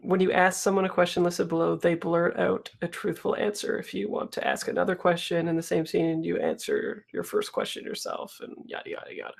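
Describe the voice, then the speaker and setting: A player in a tabletop role-play, talking in a flat, offhand way. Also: medium pitch, a little fast, gravelly, few pauses.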